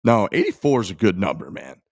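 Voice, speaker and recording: A man co-hosting a golf podcast in relaxed casual chat, wrapping up the episode. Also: lowish voice, brisk, dry recording, clean studio sound. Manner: relaxed, wraps up the show. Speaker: podcast co-host.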